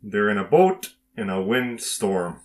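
A man reading a Bible story aloud and preaching on it in a slow, emphatic devotional style with dramatic pauses. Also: lowish voice, sing-song.

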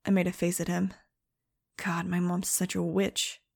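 Gravelly, wisecracking female audiobook narrator. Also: fairly low pitch, monotone, unhurried, no room sound, studio quality. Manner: sarcastic, wisecracking and conversational. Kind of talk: first-person audiobook narration.

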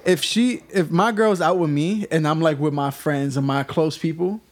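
A man's voice: on the high side, moderate pace. A young man hosting a casual podcast chat, loose and storytelling, laughing often.

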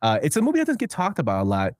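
A man's voice: fairly high pitch, huge pitch swings, rapid-fire, no echo, studio quality. A man hosting a podcast, chatting casually and rambling with filler words. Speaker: podcast host. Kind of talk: casual chat.

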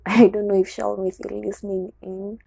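A woman's voice: mid-range voice, flat delivery, a little slow, vocal fry, mellow, husky, no room sound, rough recording. A young adult woman with a Kenyan accent candidly tells a personal story on her show, slipping into Swahili words. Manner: candid, code-switching into Swahili.

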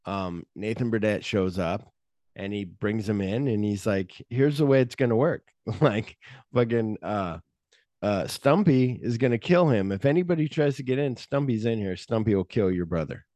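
A man co-hosting a podcast, casually retelling movie scenes with lively energy and jumping into high-pitched voices when he quotes characters. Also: moderate pace, dry recording. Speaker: podcast co-host.

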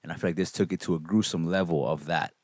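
A man's voice: low-pitched, fairly even intonation, fast, a little mellow, no room sound. A man co-hosting a casual film-review podcast, talking in slangy, profane speech and teasing his co-host.

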